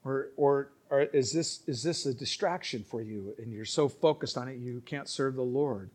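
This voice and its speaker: A male pastor preaching a sermon, emphatic and swinging between quiet asides and loud exclamations. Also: mid-range voice, moderate pace.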